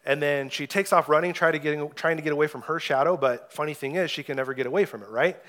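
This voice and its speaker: A young adult man preaching an earnest sermon, rising loud when he reads scripture aloud. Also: on the high side, fast talker. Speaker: pastor.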